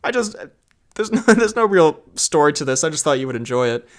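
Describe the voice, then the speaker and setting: A man's voice: on the high side, big pitch swings, a little fast. A young man hosting a podcast, chatting casually and rambling with lots of fillers, on a mic that sounds a bit off. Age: young adult. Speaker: podcast host. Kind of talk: casual chat. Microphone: makeshift mic setup that sounds a bit off.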